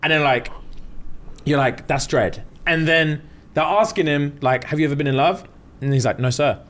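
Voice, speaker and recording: A man's voice: fairly high pitch, normal speed. A young man, a podcast co-host telling stories in casual chat and acting out what people said. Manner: animated storytelling, acting out quotes with slang.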